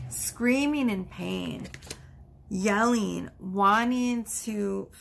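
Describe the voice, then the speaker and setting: A woman's voice: mid-range voice, creaky, a bit bright, a little hiss or hum. A woman giving a casual tarot card reading, chatty and reassuring, with frequent exclamations. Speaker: tarot reader.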